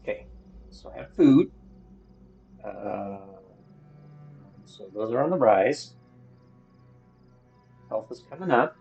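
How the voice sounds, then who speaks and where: Man, gravelly voice, muttering game commentary, cursing, slightly dull audio, faint music behind. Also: medium pitch, lively intonation, slow, pauses often, a little mellow. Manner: grumbling, swearing, talks to himself. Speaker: gaming streamer. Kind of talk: solo gameplay commentary.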